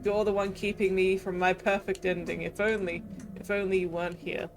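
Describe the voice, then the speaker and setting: A woman voicing a cruel male tyrant king in a video game, speaking slowly and tauntingly. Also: mid-range voice, level tone, soft background music, close to an everyday voice. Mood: gloating. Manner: slow, taunting, threatening. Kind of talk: reading a video game aloud with voices.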